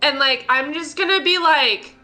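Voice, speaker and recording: A woman's voice: high-pitched, normal speed, pushed and bright, soft background music. A woman playing a tabletop game, giggly and hesitant, full of filler words. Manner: giggly, hesitant, many likes. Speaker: player. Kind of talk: casual tabletop play.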